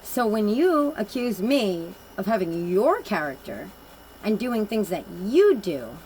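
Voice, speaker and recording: A woman's voice: medium pitch, very animated, slow pace, darkish tone, slight background noise, poor audio. A woman giving a casual oracle card reading, telling personal stories in a blunt, rambling and emphatic way.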